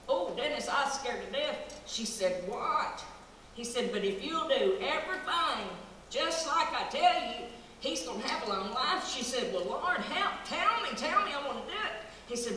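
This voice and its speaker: A woman's voice: high voice, expressive, moderate pace, bright, forceful tone. A woman telling folksy country comedy stories on stage with a drawl, chatty and playful. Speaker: stand-up comic in character. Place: live stage show in a large hall. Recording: echoey hall from far off, noisy.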